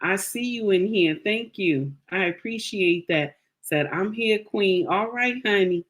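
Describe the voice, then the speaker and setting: A woman's voice: mid-range voice, unhurried. An outspoken woman hosting a live stream, chatting casually and greeting viewers by name.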